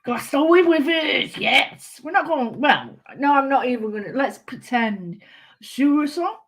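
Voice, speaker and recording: A woman with a Mancunian accent chats her way through a live craft stream, bubbly and talkative. Her voice sits slightly high, and she greets her viewers one by one as she shows her work. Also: lively intonation, normal speed, a bit bright, breathy edge. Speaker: craft channel host.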